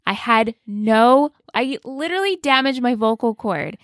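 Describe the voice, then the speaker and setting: A woman co-hosting a podcast in casual chat, her voice slightly raspy as it recovers, chatty and quick to react. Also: a little high, no room sound, studio quality. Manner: chatty storyteller, excitable reactions. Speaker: podcast co-host.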